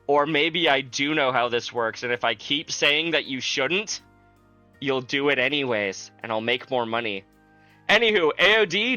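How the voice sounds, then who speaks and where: A man streaming a game, chatting casually with viewers in a joking, sarcastic way with drawn-out asides. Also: on the high side, bright, forceful tone, no room sound, poor audio. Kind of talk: casual livestream gameplay chat.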